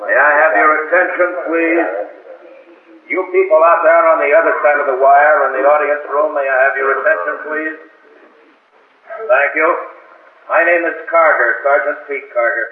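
An actor playing a brisk, stern police sergeant running a lineup in an old radio crime drama, speaking in a firm, businesslike way. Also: male voice, a little high, fairly even intonation, lightly acted. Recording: echoey, tinny old radio broadcast.

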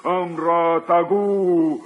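A slow, solemn old tribal chief, speaking in clipped broken phrases and chanting now and then. The voice sits a bit high and the sound is dull and lo-fi, like an old TV soundtrack. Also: male voice, steady tone. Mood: theatrical. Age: older.

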